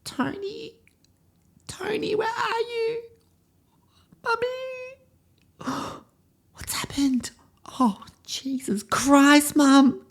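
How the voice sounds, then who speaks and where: A man voicing an overdramatic eight-year-old girl in a shrill, melodramatic falsetto. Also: moderate pace, natural voice. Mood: wailing. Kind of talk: comedy podcast character monologue.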